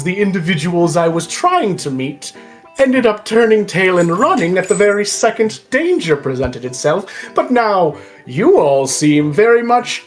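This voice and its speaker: A woman's voice: mid-range voice, voice pushed up. Woman playing Volo, a pompous bard. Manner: grandiose, theatrical, florid. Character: flamboyant pompous older man bard.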